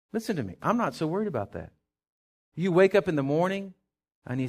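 A male pastor preaching a sermon, swinging from hushed asides to loud, fervent declarations. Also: medium pitch, very animated, brisk.

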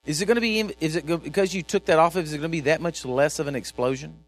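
A man preaching a sermon, animated and repetitive, swinging from shouts to quiet asides. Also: fairly high pitch, fast. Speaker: pastor.

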